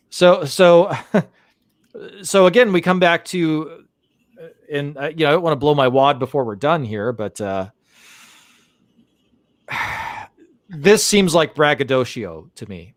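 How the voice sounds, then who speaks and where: A man's voice: on the high side, animated, slow, pauses often, no room sound, studio quality. A male host reading an article aloud on a live chat show and reacting to it with rising indignation, rambling and restarting as he thinks aloud. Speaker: podcast host.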